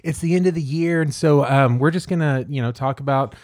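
A man's voice: on the high side, darkish tone, dry recording, clean studio sound. Joking man co-hosting a podcast. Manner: easygoing, joking, halting restarts. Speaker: podcast co-host. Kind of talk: casual chat.

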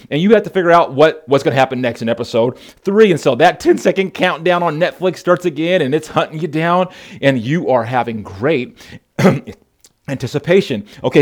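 A man preaching a conversational sermon, playful and storytelling, calling his listeners "folks". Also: on the high side. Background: music.

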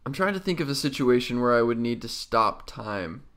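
A man's voice: medium pitch, animated, moderate pace, a bit bright. A man co-hosting a podcast, musing aloud in a hesitant, searching way, with frequent restarts. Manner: hesitant, thinks aloud with many likes and restarts. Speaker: podcast co-host. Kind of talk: casual chat.

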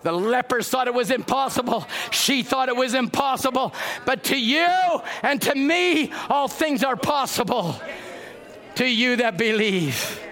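A man preaching a sermon in an impassioned way, often shouting, with faint music behind him. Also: extremely high pitch, lively intonation, unhurried.

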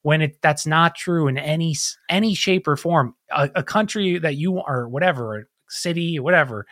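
Brief: male co-host, slightly high voice, frustrated and emphatic, dry close mic. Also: normal speed, fairly bright tone, no echo. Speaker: podcast co-host. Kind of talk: casual political chat.

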